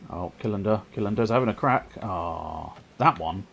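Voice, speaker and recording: A man giving excitable, self-mocking running commentary on his own gameplay while streaming, sometimes turned away from his microphone. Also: lowish voice, normal speed, creaky, slight background noise. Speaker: livestreamer. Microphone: desk microphone, sometimes turned away.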